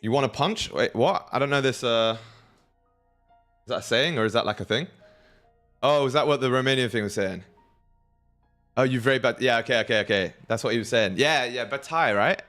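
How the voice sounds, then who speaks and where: A man's voice: medium pitch, brisk, pauses often, a bit bright, faint music behind. A young man hosting a casual trading livestream, talking to his chat in a slangy, hyped way. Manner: slangy, hypes the chat, thinks aloud. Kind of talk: casual live-stream chat.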